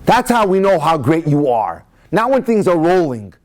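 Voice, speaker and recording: A man's voice: a little high, normal speed. A man giving a Torah lecture, telling stories and weaving Hebrew phrases into his English. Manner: animated storyteller mixing Hebrew phrases into English. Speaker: rabbi lecturer.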